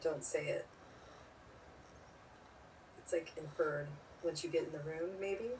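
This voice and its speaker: A woman's voice: low voice, steady tone, slow, a little mellow. A woman in her forties chatting casually on a live stream, blunt and rambling, swearing freely as she answers viewer comments. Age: 40s. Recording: distant mic with faint background noise.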